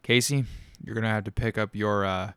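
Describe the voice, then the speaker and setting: A man's voice: on the low side, fairly even intonation, a little fast, a bit bright, clear, resonant tone, no echo, lightly acted. A man voicing a menacing, commanding male council leader in a spoken story, snapping orders.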